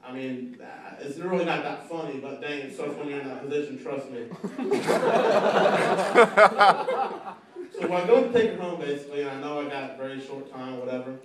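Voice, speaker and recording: A young man with a slightly high voice rambles through a stand-up set, full of fillers and halting restarts. He sounds distant in a very echoey comedy club. Loud audience laughter rolls in behind him. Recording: echoey club, mic heard from afar, loud crowd laughter.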